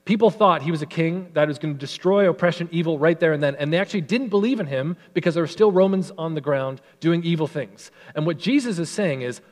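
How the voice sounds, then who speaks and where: A man preaching a sermon as a pastor, earnest and emphatic, slowing and softening when he reads scripture. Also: fairly high pitch, big-room sound.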